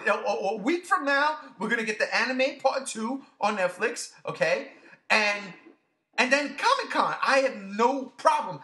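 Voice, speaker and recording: A man hosting a casual podcast, gushing with excitement, swearing freely and repeating himself. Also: extremely high pitch, moderate pace. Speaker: podcast host.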